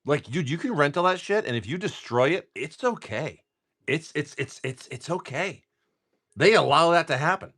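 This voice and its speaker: A man hosting a trading card livestream sounds animated and a bit bright, his voice a little high and his speed normal. He chats loosely and with swearing as he opens packs, wandering off topic and restarting often.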